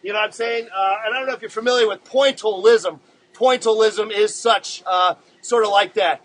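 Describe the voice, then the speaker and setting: A man hosting a casual live-streamed drawing show, chatting to viewers in a laid-back, rambling way with many halting filler words. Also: high-pitched, a bit bright, a little hiss or hum, low-quality recording.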